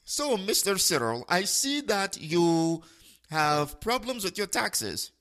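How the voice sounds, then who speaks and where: A man imitating a male phone scammer with a heavy accent, speaking stiff, broken English in a higher voice. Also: very animated, takes it slowly, a bit bright, heavily acted. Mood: insistent.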